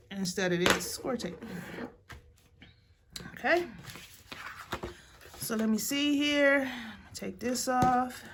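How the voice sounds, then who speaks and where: A woman's voice: medium pitch, fairly bright tone, slight background noise. A woman hosting a casual papercraft tutorial, chatting and joking with her viewers as she works. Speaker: papercraft video host.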